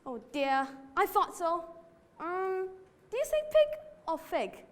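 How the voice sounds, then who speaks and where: A student actress performing the Cheshire Cat as a playful, riddling stage monologue in a hall. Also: female voice, very high voice, big pitch swings, takes it slowly, full character voice. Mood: teasing. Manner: playful, teasing, theatrical. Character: sly riddling Cheshire Cat, grinning and teasing. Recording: reverberant hall.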